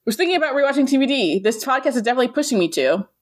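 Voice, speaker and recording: A woman's voice: sits high, sing-song, racing. A woman co-hosting a podcast in casual chat, reading listener reviews aloud in a playful, teasing way and laughing often. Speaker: podcast co-host.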